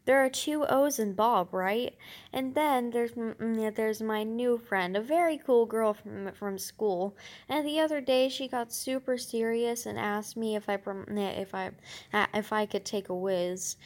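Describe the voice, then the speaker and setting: A woman reading a novel aloud, halting often with fillers and restarts. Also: on the high side, a little mellow. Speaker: reader.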